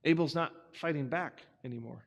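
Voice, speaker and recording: A man preaching to young people, retelling a story in a conversational, animated way and acting out the characters. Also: fairly high pitch, fairly quick, big-room sound.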